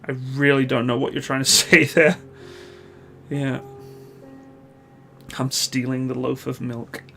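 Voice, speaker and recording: A Canadian man, likely in his thirties, hosting a live stream, reading viewer questions and answering in a relaxed, rambling way with many pauses. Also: medium pitch, gravelly, soft background music. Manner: relaxed, chatty, hesitant with many uhs.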